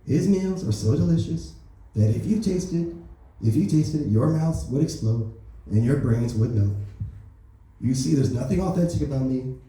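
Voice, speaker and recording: During stand-up at a comedy club open mic, a man puts on a lightly acted impression of an older male president who brags and rambles brashly. His voice is mid-range, mellow, and expressive at normal speed, captured from a distance amid club echo.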